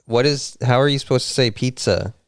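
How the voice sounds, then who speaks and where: A man's voice: medium pitch, brisk, smooth, no room sound, studio quality. A man co-hosting a casual gaming livestream, teasing and laid-back. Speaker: livestream co-host. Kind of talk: casual gaming stream chat.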